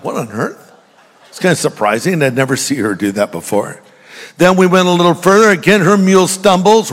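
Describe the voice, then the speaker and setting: An older man preaching a sermon in a church, telling jokes and funny stories to the congregation. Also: a little high. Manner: humorous storytelling, jokey asides to the congregation. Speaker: pastor. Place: large church hall. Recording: long hall reverb.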